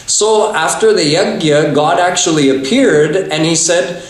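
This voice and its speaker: Male spiritual teacher, unhurried lecture delivery, storytelling with self-corrections; roomy, echoing temple hall sound. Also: on the high side. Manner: explanatory, storytelling, with many restarts. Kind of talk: religious lecture.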